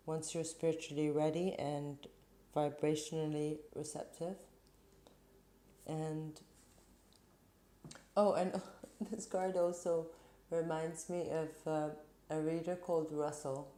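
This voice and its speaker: A woman hosting a tarot reading channel, talking casually and rambling, with restarts and soft laughs. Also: low voice. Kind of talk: casual spiritual talk to camera.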